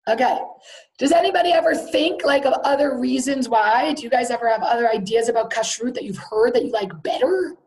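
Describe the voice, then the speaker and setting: A woman teaching a text study class, reading passages aloud and explaining them in a lively way while often questioning her students. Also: high voice, a little fast. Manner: lively, reads Hebrew then explains in English.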